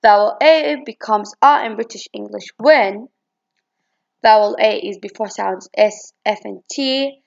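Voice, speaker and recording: A woman's voice: mid-range voice, measured pace, vocal fry, a little mellow, dull audio. A woman reading a presentation on vowel pronunciation from her slides, with hesitant restarts and fillers. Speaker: student presenter.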